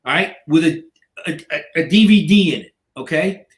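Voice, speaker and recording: A man in his sixties with a slightly high voice, talking casually as a podcast guest. He speaks bluntly and swears freely. He keeps saying "you know" and acts out the voices of others in his stories. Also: moderate pace. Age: 60s. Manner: blunt and profane, with many "you know" fillers. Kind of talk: casual storytelling.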